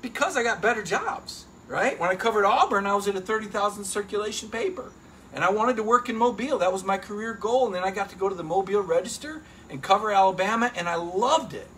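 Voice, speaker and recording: A middle-aged man hosting a casual sports talk show, animated and emphatic, often turning to listeners with "right?". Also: sits high, fast, a little hiss or hum. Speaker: sports reporter and show host.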